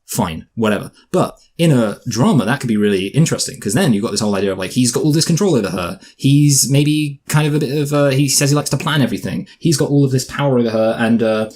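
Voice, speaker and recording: A man's voice: medium pitch, fast, few pauses, a little mellow. A man co-hosting a casual film review podcast, rambling and joking as he corrects himself. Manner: rambling, self-correcting, jokey.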